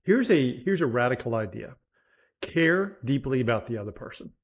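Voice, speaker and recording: A man's voice: medium pitch, very animated, normal speed. A man born in Scotland, speaking as a leadership coach guest, earnest and storytelling on a remote call. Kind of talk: conversational interview. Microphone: remote call mic.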